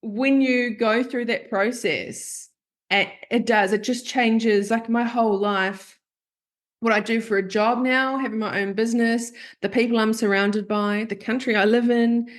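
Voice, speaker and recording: A woman's voice: a little high, steady tone, unhurried. Woman podcast host, therapist, chatting real open about her own stuff, acts out what people said. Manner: open, confessional storytelling that acts out remembered quotes. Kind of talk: candid podcast conversation.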